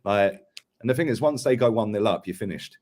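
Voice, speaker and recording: A man's voice: lowish voice, lively intonation, brisk, darkish tone. A young man, co-hosting a casual live football chat, blunt and emphatic, with plenty of slang. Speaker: football podcast co-host.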